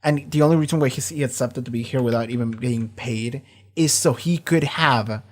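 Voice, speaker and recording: A man hosting a casual reaction commentary on a TV episode, talking in an animated, profane, rambling way. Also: mid-range voice, a little fast. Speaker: show reaction host.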